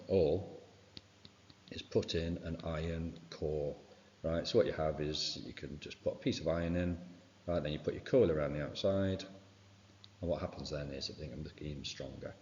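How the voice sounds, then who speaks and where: Very deep-voiced male teacher, revision lesson. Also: a little mellow. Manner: informal, fills with "right" and "okay". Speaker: science teacher. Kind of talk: exam revision walkthrough. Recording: dull sound with long reverb.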